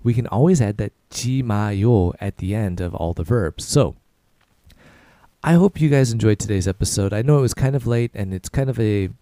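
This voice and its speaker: Guy teaching phrases on a podcast, says em slow then quick, mellow voice, dry close mic. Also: fairly low pitch, no room sound. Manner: repeats phrases slowly, then faster. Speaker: podcast host and Korean teacher. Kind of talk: casual language lesson.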